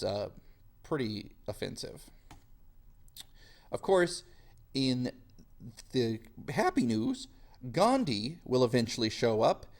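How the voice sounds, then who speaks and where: A man teaching a history lesson in a casual, lively way, sometimes slipping into quick silly voices. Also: mid-range voice, vocal fry. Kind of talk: classroom lecture.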